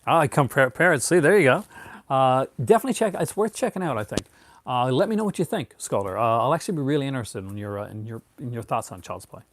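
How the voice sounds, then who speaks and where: This thirty-something live-stream host talks fast in a mid-range, sing-song voice. Relaxed and easygoing, he rambles through viewer questions with plenty of fillers and restarts, saying "man" over and over.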